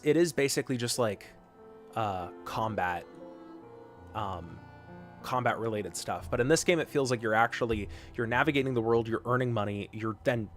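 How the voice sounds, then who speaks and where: An American man streaming a game live, chatting casually and teasing his viewers in a loose, joking way that often trails off into fillers. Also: lowish voice. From United States. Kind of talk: live-stream chat while gaming.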